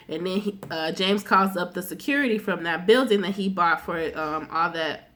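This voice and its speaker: Woman, vlogger, casual episode recap, lots of swearing and slang, acts out characters' lines, middle pitch. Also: moderate pace. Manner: animated retelling, acting out characters' lines.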